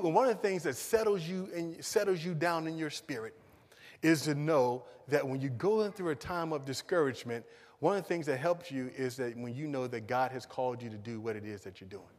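High-voiced preaching man in a reverberant hall. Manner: preachy, rises to emphatic calls and drops to low asides. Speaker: pastor. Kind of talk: sermon.

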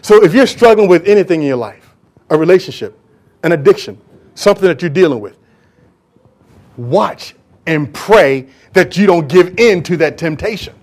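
A pastor preaching a sermon emphatically, often repeating words for stress. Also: male voice, high-pitched, lively intonation, normal speed, pauses often, a little mellow.

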